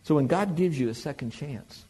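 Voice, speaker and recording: A man preaching a sermon in a conversational, animated way, joking with the congregation. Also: fairly high pitch, normal speed, husky.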